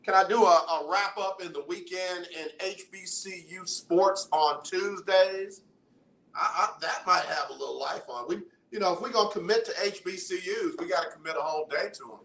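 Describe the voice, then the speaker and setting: A man hosting a casual radio talk show, animated as he banters with listeners and callers. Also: high voice, normal speed, vocal fry, echoey room, slight background noise, low-quality recording. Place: radio studio.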